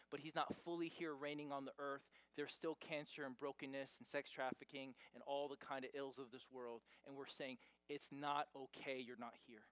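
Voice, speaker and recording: A man's voice: fairly high pitch, no echo. A man preaching a sermon as pastor, talking in a conversational way and pushing hard on key points. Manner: conversational, emphatic, rising to loud stresses.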